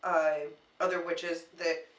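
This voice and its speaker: Woman, co-host, casual chat, animated, stumbling restarts, distant mic, roomy echo. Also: fairly low pitch, takes it slowly. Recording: echoey room, mic at a distance.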